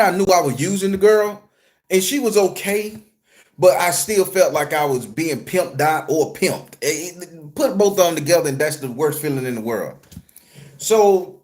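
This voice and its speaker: A man with a somewhat higher voice tells a story to his viewers. He talks in an animated, salty, conversational way, the way a spiritual reader chats with his followers. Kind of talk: storytelling vlog.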